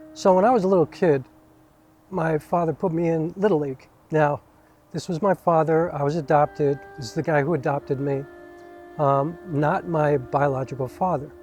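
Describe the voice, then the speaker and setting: A man casually telling a rambling personal story outdoors, talking in an animated, conversational way with side remarks. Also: a little high, normal speed, faint music behind. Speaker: vlogger. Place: outdoors under trees.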